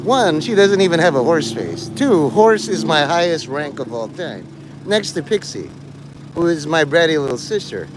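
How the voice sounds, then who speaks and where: A man's voice: on the high side, very animated, moderate pace, noisy background. A man livestreaming to his chat, rambling and teasing people in crude, mocking talk.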